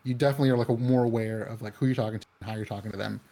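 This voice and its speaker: A man's voice: on the low side, fairly even intonation, very fast, warm tone. A man chatting casually, rambling with many fillers and restarts. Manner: acts out quoted voices in anecdotes. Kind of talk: casual chat.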